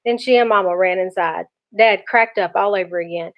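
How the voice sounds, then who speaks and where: A woman's voice: mid-range voice, fairly quick, few pauses. Woman teacher reading a storybook aloud. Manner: lively, expressive. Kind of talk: reading a children's book aloud. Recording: dull lo-fi recording.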